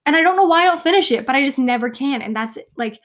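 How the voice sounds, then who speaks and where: A young woman talks casually into a close podcast mic, pitched a little high. She rambles and pokes fun at herself, with plenty of fillers. Her voice is slightly hoarse and fading. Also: lively intonation, fast. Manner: chatty, rambling, self-deprecating, lots of "like" and "um". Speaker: podcast host.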